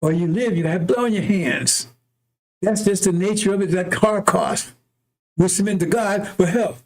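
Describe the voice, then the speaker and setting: This preacher's voice sits high, and he moves at a moderate pace through an impassioned, unscripted monologue. He's heated and profane, repeating himself a lot and asking "right?" or "see?"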